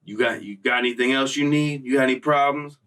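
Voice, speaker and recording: A man voicing a resentful prison guard who talks gruffly and grudgingly. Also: mid-range voice, steady tone, fast, fairly bright tone, far from the mic, lightly acted.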